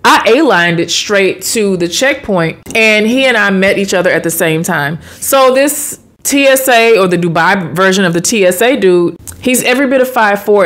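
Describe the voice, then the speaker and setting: A woman from the United States telling a personal story in a casual storytime vlog, slangy and animated, with sudden high exclamations.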